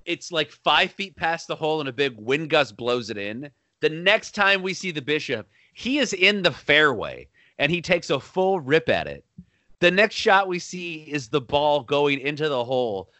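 A man co-hosting a podcast, chatting casually about a film, animated and quick to laugh. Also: fairly high pitch, dry recording. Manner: animated, laughing, breaks into shouted bits. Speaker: podcast co-host.

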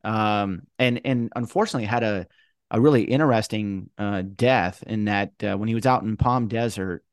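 A man's voice: on the low side, normal speed, no room sound, studio quality. A man hosting a podcast interview, who casually fills in background for the listeners and restarts his sentences often. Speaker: podcast host, entertainment lawyer. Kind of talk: conversational interview.

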